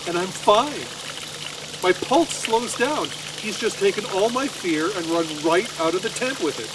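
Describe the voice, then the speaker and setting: A man's voice: sits high, lively intonation, a little slow, noisy background. A middle-aged man performing a comic storytelling monologue in a wry, anxious, self-mocking way.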